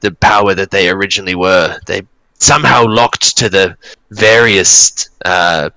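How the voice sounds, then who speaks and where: A man voicing a vengeful, scornful male dragon with a snarl, low and gravelly. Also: sharp tone, dry recording, exaggerated voice, rough recording. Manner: snarling, contemptuous, slow and grand.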